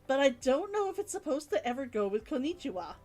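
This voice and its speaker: A high-pitched woman streaming live talks casually to her chat, and her voice swings widely up and down as she muses aloud and reads out their comments. Soft music plays faintly behind her. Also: very animated, fast talker.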